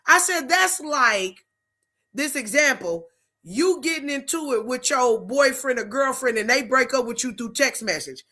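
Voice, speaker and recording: A woman's voice: high voice, expressive, measured pace, pushed and bright. A middle-aged woman hosting a faith-based talk show, talking in an emphatic, preachy, conversational way. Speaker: host.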